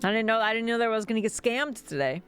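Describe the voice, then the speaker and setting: A woman's voice: fairly high pitch, animated, fast talker, fairly bright tone, soft background music. A woman streamer giving playful, giggly let's play commentary with jokey asides. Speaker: game streamer.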